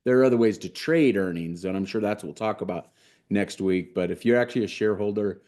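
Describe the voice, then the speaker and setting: A man's voice: lowish voice, fast, a little mellow. A man co-hosting a trading podcast as an options instructor, with dry, wry quips. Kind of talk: casual podcast chat.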